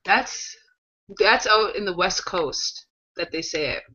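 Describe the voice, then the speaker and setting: Slow, bright-voiced woman co-host. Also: lowish voice, dull audio. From Canada. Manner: laughs often, short agreeing replies. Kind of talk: casual chat.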